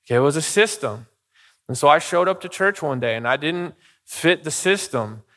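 Preaching in a church sanctuary, this middle-aged pastor has a voice on the high side that's animated, bright and forceful, at a moderate pace. He keeps it casual, shares personal stories, and frequently asks "okay?" and "right?" as the hall's long reverb rings around him.

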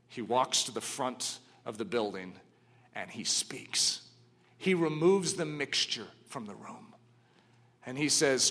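A man preaching a sermon, telling stories dramatically and swinging from hushed to ringing. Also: medium pitch, lively intonation, measured pace.

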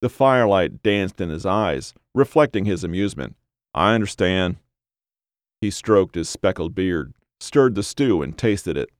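A man narrates a grim horror story in a measured, dramatic voice. His voice is very low, and the recording is dry and close, with no echo at all. Each line is paced and weighted for suspense. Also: expressive.

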